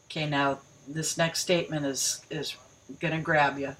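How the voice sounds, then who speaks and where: A woman's voice: low voice, moderate pace, poor audio. A woman reading news articles aloud and breaking off to mock them, rereading lines for emphasis. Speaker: video commentator.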